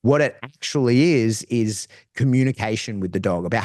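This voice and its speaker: A man's voice: mid-range voice, moderate pace, few pauses, no room sound. Slangy dog-trainer man, dry sound. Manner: animated, slangy, restarts phrases. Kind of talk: casual explanatory chat.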